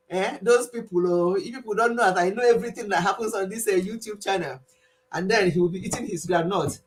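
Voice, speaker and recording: A woman's voice: medium pitch, a little fast. A woman hosting a casual live stream, playful and often laughing as she imitates her viewers. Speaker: channel host closing a live stream.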